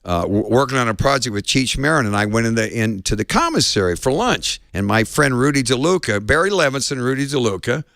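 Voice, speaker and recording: A man being interviewed as a guest, telling lively stories and acting out the people in them. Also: medium pitch, brisk, gravelly, few pauses, dry recording, clean studio sound. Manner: lively storyteller, acts out quotes. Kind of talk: anecdotal storytelling.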